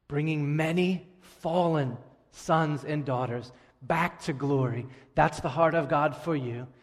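A middle-aged man from Staten Island, New York preaching a sermon to his church, emphatic and dropping to a hush on key words. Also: fairly high pitch, unhurried, big-room sound. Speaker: pastor.

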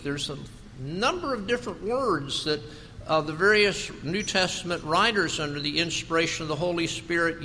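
Male pastor, slow deliberate delivery, bright forceful tone, big church reverb. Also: high voice, a little hiss or hum. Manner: slow, emphatic preaching with rhetorical questions. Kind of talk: sermon.

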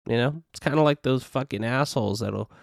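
A man's voice: medium pitch, a little fast, creaky, no room sound, clean studio sound. A young adult man hosting a casual solo podcast, rambling and profane with constant "you know" and "dude" fillers. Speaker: podcast host.

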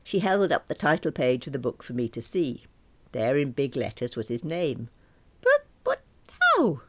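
A woman narrating a comic diary story in a prim, earnest, deadpan manner. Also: extremely low pitch, moderate pace, no room sound.

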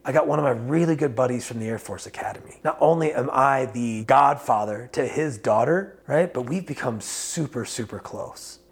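A man's voice: medium pitch, vocal fry, breathy edge. A man in his thirties, a life coach, giving a casual, candid motivational talk to camera, swearing freely and turning emphatic.

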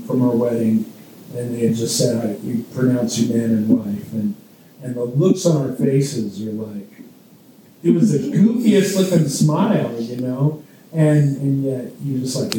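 A man leading a casual Bible study, talking in a relaxed way with many fillers and restarts, to a small group in a room. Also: mid-range voice, a little hiss or hum. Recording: dark, echoey room from far off.

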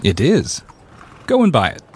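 A man's voice: medium pitch, huge pitch swings, measured pace, slight background noise. A man playing an elderly reformed miser, exuberant and generous, in a dramatic story reading. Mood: giddy. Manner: exuberant, swooping delivery with mock-stern turns.

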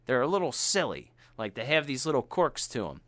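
A man's voice: medium pitch, fairly quick, no room sound. A man co-hosting a podcast, chatting casually and retelling a film with slang and profanity. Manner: animated and profane, slangy storytelling. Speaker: podcast co-host.

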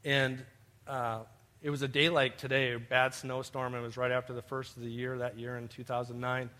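A man's voice: mid-range voice, flat delivery, brisk, pushed and bright. A man preaching a sermon, telling personal stories and addressing his listeners as beloved. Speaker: pastor.

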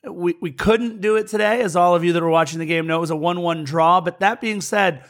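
A man with a notably high voice co-hosts a casual soccer podcast. He runs through match results in a brisk, wry manner, throwing in jokes as he goes. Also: fairly bright tone. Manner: quick, jokey recap delivery. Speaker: podcast co-host. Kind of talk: casual sports podcast chat.

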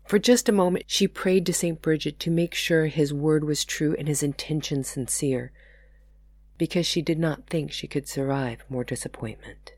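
A woman who hosts a podcast reading her own novel aloud in steady storytelling narration. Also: sits low, moderate pace, no room sound. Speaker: podcast host and author.

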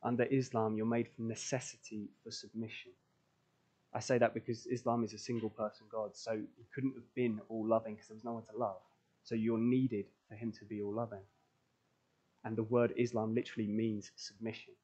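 A man's voice: on the low side, flat delivery, a little fast, dark tone, slightly rough. A man preaching a sermon in church, earnest and building emphasis through repeated phrases. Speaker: pastor. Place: church, recorded for online stream.

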